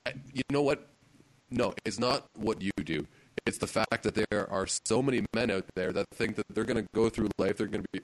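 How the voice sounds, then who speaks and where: A man's voice: fairly low pitch, dry recording. A man in casual conversation, reacting bluntly and swearing freely. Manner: blunt, profane, quick reactions. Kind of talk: casual chat.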